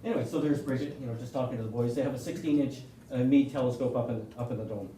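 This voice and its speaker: At an astronomy club meeting, a Canadian-accented man gives a casual, rambling presentation, tossing in jokes and often restarting. His medium-pitched voice is warm and steady, and he talks very fast. He sounds distant in an echoey meeting room, with faint hiss.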